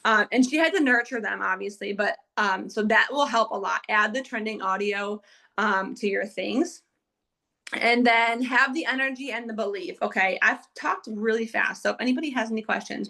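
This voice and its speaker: A woman giving a live motivational training to her sales team, talking fast and energetically with lots of fillers. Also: a little high, pushed and bright. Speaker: network marketing team trainer.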